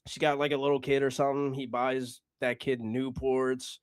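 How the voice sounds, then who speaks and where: A man's voice: mid-range voice, level tone, moderate pace, smooth, no echo, clean studio sound. A man hosting a comedy podcast, talking loosely and with swearing, joking with his co-host and announcing the joke concept. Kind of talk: casual podcast chat.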